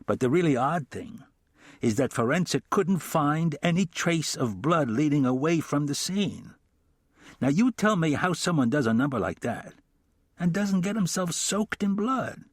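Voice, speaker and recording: A man's voice: on the high side, animated, unhurried, no room sound, clean studio sound, pitched above the performer's own voice. A man voicing a blunt, puzzled middle-aged cop in an audiobook. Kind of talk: audiobook character voice.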